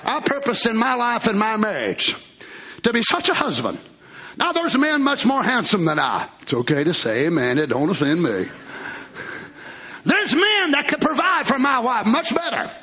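A man preaching a fiery sermon at a church service. He shouts fervently, then drops into hushed asides. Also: very high-pitched, big pitch swings, normal speed, husky. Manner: shouting, fervent, swings between loud cries and hushed asides. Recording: muffled lo-fi recording.

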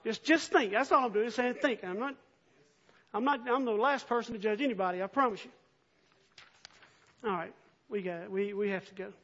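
Male preacher, very high and bright tone, earnest sermon delivery, lo-fi sound. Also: a little fast, pauses often. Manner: earnest, swells from soft reading to impassioned near-shouting. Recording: dull lo-fi recording.

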